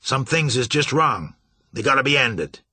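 A man voicing a gruff, stubborn middle-aged riverboat captain who talks in a rough folksy dialect. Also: medium pitch, expressive, normal speed, pushed and bright, no echo, pitched above the performer's own voice. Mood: earnest.

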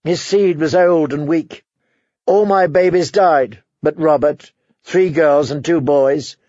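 A man voicing a bitter, self-pitying noblewoman who is sharp and suspicious, switching between wheedling and prying. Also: a little high, takes it slowly, no room sound, highs cut off.

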